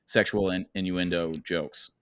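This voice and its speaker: Low-voiced man rambling about basketball. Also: steady tone, measured pace, fairly bright tone, clean tone, dry recording, clean studio sound. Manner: rambling, thinks aloud with restarts and swearing. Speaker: podcast co-host. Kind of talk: casual sports podcast chat.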